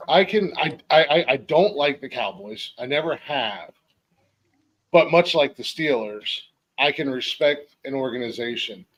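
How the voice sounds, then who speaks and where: A man's voice: medium pitch, lively intonation, unhurried, a bit bright. A man from Ohio hosting a casual football podcast, easygoing, with plenty of fillers. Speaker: podcast host. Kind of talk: casual sports chat.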